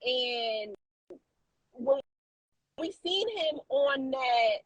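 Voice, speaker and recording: A woman co-hosting a casual podcast, telling a story in an animated way with lots of fillers and restarts. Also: high voice, extremely slow, dry recording, low-quality recording. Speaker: co-host.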